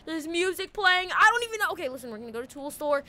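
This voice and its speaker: A woman commentating a police chase in a game, frantic and panicky, often shouting and repeating herself. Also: very high-pitched, very animated, quick pace. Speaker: gaming video creator.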